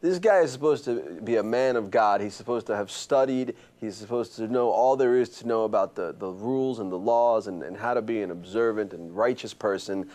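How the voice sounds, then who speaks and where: A man's voice: lowish voice, brisk, few pauses, darkish tone. A man co-hosting a comedic chat show, telling stories in a wry, teasing way. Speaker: co-host.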